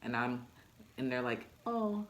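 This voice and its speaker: A young woman, a new mother, chatting casually in a vlog with a deep, low voice, laughing often as she talks. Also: measured pace. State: recovering after childbirth.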